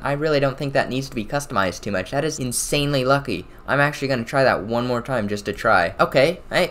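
A young man casually commenting on his own shooter gameplay, excitable and quick to burst out loud. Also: mid-range voice. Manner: excitable, swings to loud outbursts. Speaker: gaming channel host.

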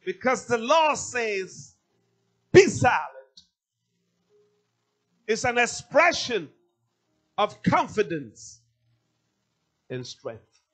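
Slow, high-pitched preaching pastor. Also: male voice, wildly swooping pitch, fairly bright tone, faint music behind. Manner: emphatic preaching, repeating key phrases. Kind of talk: sermon.

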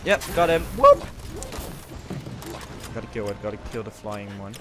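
Excitable young man narrating his gameplay. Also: fairly low pitch, fast talker, heavy background noise. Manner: excitable, swearing, yelps and whoops at kills. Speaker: gaming video host. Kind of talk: live gameplay commentary.

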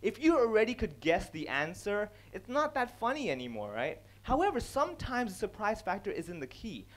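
This is a man from India giving a comedy talk on stage, and he keeps acting out what other people say. His voice sits high and swings all over the place, and he chuckles at his own jokes. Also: normal speed. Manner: animated, acts out other people's lines, laughs at own jokes. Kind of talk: stage talk on comedy, switching between English and Cantonese.

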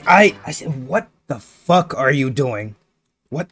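A young man hosting a Minecraft roleplay, loud and joking with frequent swearing. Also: medium pitch, animated, takes it slowly, faint music behind. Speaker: roleplay host.

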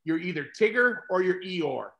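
A middle-aged man hosting a casual conversation, talking to doctors in an energetic, coaching way. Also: sits high, normal speed, creaky. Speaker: host and practice consultant.

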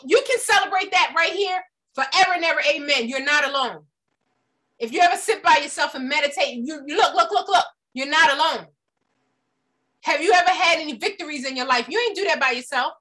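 A woman giving a motivational talk, telling stories with lively, preacher-like delivery and acted-out quotes. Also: high-pitched. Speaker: speaker.

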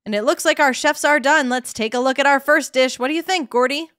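A woman reading as a cooking show host with bright presenter patter. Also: high-pitched, a little fast, no echo, voice pushed up. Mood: presenting.

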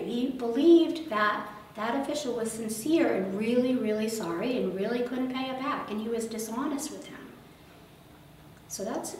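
A woman leading a children's liturgy, retelling a gospel parable in a gentle, conversational way and asking the children questions. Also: a little high, a little hiss or hum. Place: church or parish hall. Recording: very echoey room, mic far off.

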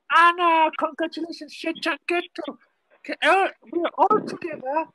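A woman leading an informal group language lesson, lively and encouraging, mixing French and English. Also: very high voice, normal speed, dry recording, poor audio. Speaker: language teacher.

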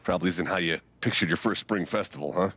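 An actor playing a stern small-town sheriff in a video game, speaking slowly and matter-of-factly. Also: male voice, sits low, a bit bright, husky. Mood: dry.

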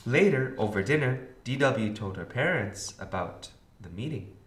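A man, a kindergarten teacher, reading a storybook aloud to children with expressive storytelling. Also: medium pitch, normal speed, few pauses, slight background noise. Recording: roomy echo.

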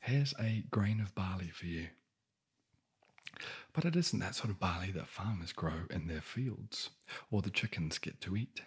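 A man voicing a brisk, knowing old witch in a whispered role-play, matter-of-fact and obliging. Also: deep voice, expressive, husky, full character voice.

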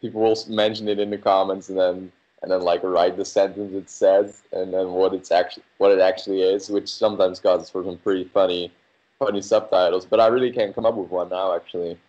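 A man with a very low, deep voice, heard through a dull, lo-fi mic. He speaks hesitantly on a casual podcast and often pauses to gather his thoughts. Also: little pitch movement, a little mellow. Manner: hesitant, thoughtful, filler-heavy. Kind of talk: casual chat.

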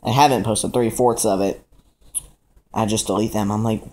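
A man's voice: fairly low pitch, fairly even intonation, moderate pace, a little mellow. A man, rambling through a casual home vlog with plenty of ums and likes. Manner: rambling, scattered, lots of fillers. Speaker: vlogger. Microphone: action camera.

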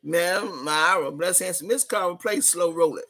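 A woman hosting a casual livestream, reading out viewers' comments with loud, rowdy laughter and party banter. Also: lowish voice, measured pace. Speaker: livestream host.

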